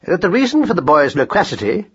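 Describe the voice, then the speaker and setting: A man's voice: sits high, big pitch swings, fast, a bit bright, slightly rough, pitched above the performer's own voice, full character voice. A man voicing a pompous father mouse who speaks ponderously and corrects everyone, on a dull lo-fi recording.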